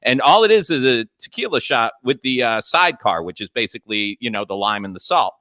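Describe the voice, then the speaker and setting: A man's voice: mid-range voice, very animated, a little fast, sharp tone, no room sound. A man telling a story in casual radio banter, laughing often. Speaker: comedian co-host.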